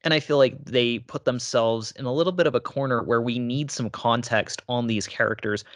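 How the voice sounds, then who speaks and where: A man co-hosting a casual talk show, explaining his points in a measured, steady way. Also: medium pitch, no room sound, clean studio sound. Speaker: podcast co-host. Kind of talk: casual discussion.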